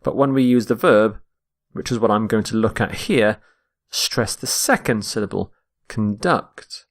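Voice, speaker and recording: A man teaching English vocabulary, explaining words slowly and modelling their pronunciation and stress. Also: fairly low pitch, steady tone, gravelly. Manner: slow and deliberate, models pronunciation. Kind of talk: vocabulary lesson.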